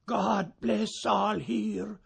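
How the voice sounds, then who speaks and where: A man voicing a weary old lame wandering piper in a recited poem, speaking slowly and solemnly. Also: sits high, fairly even intonation, gravelly, husky, exaggerated voice. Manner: slow, solemn greeting.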